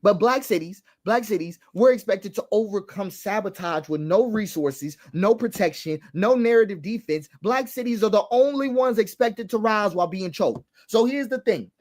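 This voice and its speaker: A man's voice: high voice, animated, moderate pace, hardly any pauses, a little mellow. A man hosting an online show, delivering impassioned political commentary with emphatic repetition and long lists. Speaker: commentary host.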